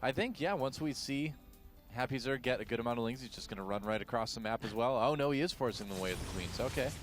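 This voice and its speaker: A man's voice: mid-range voice, quick pace, faint music behind. A man giving analytical color commentary on a strategy game match, chatty and wry. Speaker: esports co-caster.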